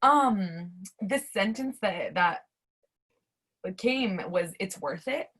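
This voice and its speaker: A young adult woman speaking as a guest in a casual interview, lively and full of fillers and restarts. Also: mid-range voice, slow pace, slightly rough. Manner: animated, many fillers and restarts. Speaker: interview guest, academic life coach.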